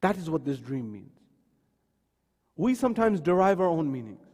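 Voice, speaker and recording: A man's voice: fairly high pitch, very animated, normal speed, dark tone. A man delivering a sermon in a mosque, telling stories dramatically and acting out the people he quotes. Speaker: speaker at a mosque. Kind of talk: sermon with acted retellings. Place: mosque hall. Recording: long hall reverb.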